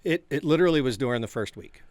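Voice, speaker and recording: A man's voice: medium pitch, animated, fast talker, darkish tone, no room sound. A man in his fifties, a candidate, talking earnestly on a podcast with some self-deprecating humor. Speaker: political candidate guest. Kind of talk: casual podcast conversation.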